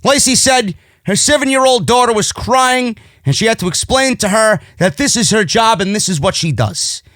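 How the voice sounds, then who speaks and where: A man's voice: sits high, expressive, moderate pace, a bit bright, dry recording, studio quality. A man with a New York accent recapping a wrestling show in a sarcastic, exasperated rant, swearing often. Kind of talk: profane ranting show recap.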